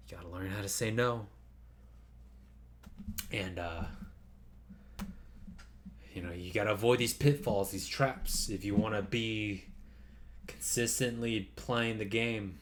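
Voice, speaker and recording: A man's voice: lowish voice, a little slow, long pauses, slight background noise. A man vlogging in a loose, rambling monologue, swearing casually and padding with fillers and restarts.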